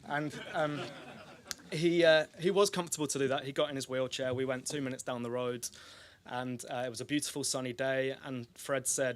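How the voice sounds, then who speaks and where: A man's voice: mid-range voice, brisk, fairly bright tone. Candid man telling a story. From North London. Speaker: speaker at an ideas festival. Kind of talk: public talk, storytelling.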